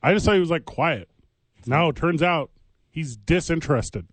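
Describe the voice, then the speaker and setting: A man co-hosting a sports radio show, bantering casually with sarcastic, quick rants. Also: a little high, lively intonation, dry recording, rough recording.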